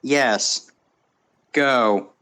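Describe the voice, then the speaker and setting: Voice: medium pitch, extremely slow, a bit bright. Blunt, swearing streamer, Southern US accent. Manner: blunt, joking, swears freely. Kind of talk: casual chat while streaming a game.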